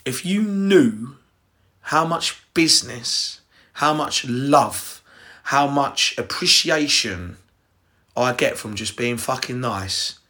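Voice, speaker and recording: Young English man, podcast host, bright tense tone, loose rambling delivery with frequent swearing. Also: medium pitch, expressive, takes it slowly. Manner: rambling, sweary, direct address to listeners. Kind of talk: casual personal storytelling.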